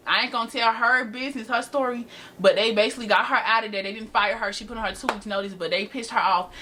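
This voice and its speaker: A woman's voice: on the high side, steady tone, fast, background noise. An eighteen-year-old woman telling a dramatic, sassy storytime straight to her viewers, recorded on a camera mic. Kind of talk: casual storytime chat to camera. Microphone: built-in camera mic.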